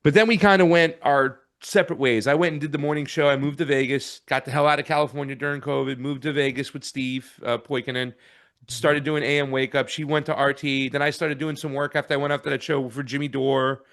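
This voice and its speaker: A man's voice: mid-range voice, fairly even intonation, brisk, a bit bright. A man in casual podcast chat who talks in a rambling, reflective way. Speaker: podcast co-host.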